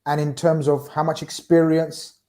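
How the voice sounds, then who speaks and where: A man hosting a casual football chat on a livestream, animated, repeating himself and firing off questions. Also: fairly high pitch, moderate pace. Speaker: host.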